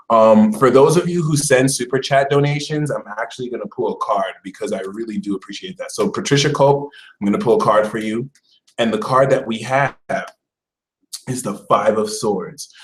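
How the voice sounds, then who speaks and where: A man hosting a casual astrology live stream, talking in a chatty, animated way and putting on mock voices. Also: mid-range voice, poor audio. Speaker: astrology channel host.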